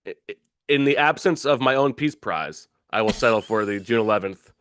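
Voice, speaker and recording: A man's voice: mid-range voice, fairly quick, a bit bright, clear, resonant tone. A man talking sports as a guest on a casual show, opinionated, often restarting his sentences.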